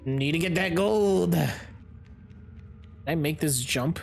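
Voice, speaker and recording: A man giving let's play commentary, excitable, yelping and groaning, swearing, with mock-dramatic asides. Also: a little high, slow, gravelly, long pauses, faint music behind. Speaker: gaming YouTuber.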